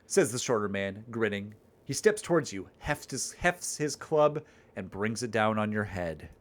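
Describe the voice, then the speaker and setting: A man's voice: lowish voice, expressive, unhurried. A man streaming his own text game, reading its narration aloud and chatting playfully, rambling with restarts.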